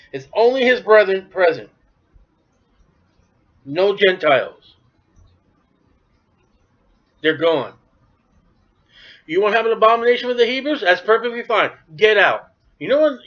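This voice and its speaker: A man preaching a sermon, talking animatedly and acting out the voices of biblical figures. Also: sits high. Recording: dull lo-fi recording.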